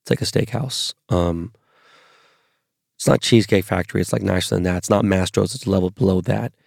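A man's voice: deep voice, a little fast, creaky, darkish tone, dry recording, clean studio sound. A man from Los Angeles, perhaps in his forties, telling rambling, profane anecdotes as a podcast host. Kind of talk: casual storytelling monologue.

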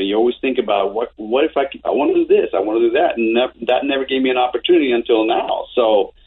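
A man in his fifties telling animated anecdotes as an interview guest, with frequent restarts. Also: lowish voice, husky. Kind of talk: casual storytelling. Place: home office. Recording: tinny phone-like line.

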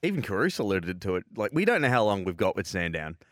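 A man with an Australian accent co-hosting a motorsport radio show. He speaks in relaxed chat, laughs easily and reads the sponsor lines smoothly. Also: on the low side, fast talker, no echo.

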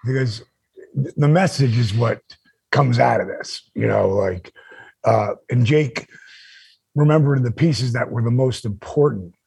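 A man's voice: mid-range voice, vocal fry, husky, dry recording. A man co-hosting a podcast, telling a story in casual chat and acting out the dialogue with energy. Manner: animated, acts out quoted dialogue. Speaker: podcast co-host.

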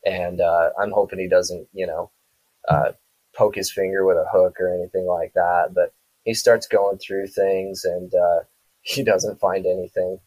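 A man's voice: low voice, fairly even intonation, a little slow, a little mellow, low-quality recording. A man from South Dakota, a podcast guest, telling a story in a casual, rambling way full of quoted back-and-forth dialogue.

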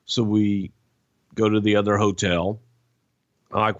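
A man's voice: lowish voice, measured pace, long pauses, no room sound, muffled recording. A man hosting a podcast, telling stories in a casual, profane, laughing way. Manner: animated, profane, laughing storyteller. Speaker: podcast host. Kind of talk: casual storytelling.

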